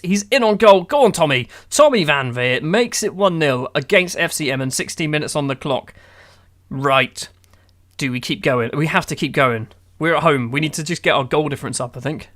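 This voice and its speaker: A man's voice: on the high side, sharp tone. Exasperated man commentating a game. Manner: exasperated, sarcastic running match commentary. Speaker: gaming YouTuber. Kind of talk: playing a football manager game with live commentary.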